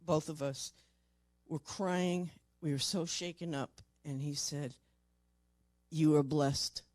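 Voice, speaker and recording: Her voice low and her tone steady, an older paranormal investigator recounts a personal story in a faltering way, with repeated words and softer delivery at tender points. The recording is dry.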